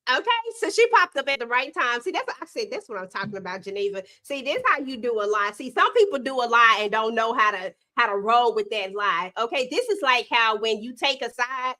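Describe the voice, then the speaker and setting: A woman hosting a casual live panel, playful and emphatic as she steers the talk. Her voice sits high with a bright, forward tone. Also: lively intonation, fairly quick, hardly any pauses. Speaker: host. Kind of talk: casual chat.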